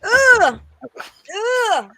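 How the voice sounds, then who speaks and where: A woman's voice: very high voice, sing-song, very slow, a crowd in the background, rough recording. A woman chatting casually with friends in an online hangout, teasing and laughing often. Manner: giggly and teasing. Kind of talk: casual group chat.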